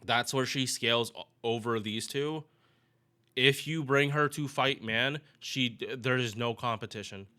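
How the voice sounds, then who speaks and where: Casual male gaming streamer, bright and clear voice, loose rambling delivery. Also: mid-range voice, unhurried. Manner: rambling, restarts, chatty with viewers. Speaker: gaming YouTuber. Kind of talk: casual game commentary.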